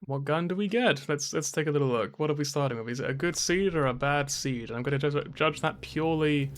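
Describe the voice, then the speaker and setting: A man's voice: a little high, a little fast. A man streaming a video game, chatty and self-deprecating, swearing and laughing often. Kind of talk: casual game commentary.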